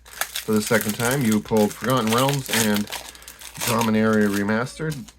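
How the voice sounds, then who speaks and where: A man with an Australian accent hosting a casual card-opening video, relaxed, blunt and a bit sweary. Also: on the low side, moderate pace, background noise. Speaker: host.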